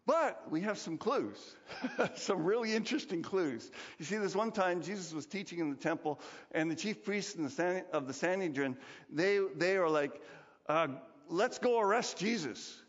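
Male pastor, chatty animated sermon; slightly high voice, dull reverberant church recording. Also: moderate pace. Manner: animated, conversational, acts out quotes.

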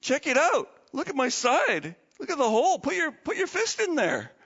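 A man voicing a calm, kindly male teacher who speaks gently and earnestly. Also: extremely high pitch, normal speed, big-room sound, muffled recording, voice pushed up, heavily acted.

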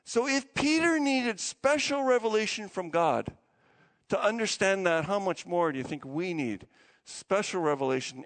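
A man's voice: on the high side, big-room sound. A man preaching a sermon as pastor, asking the congregation for responses. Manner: animated preaching with call-and-response.

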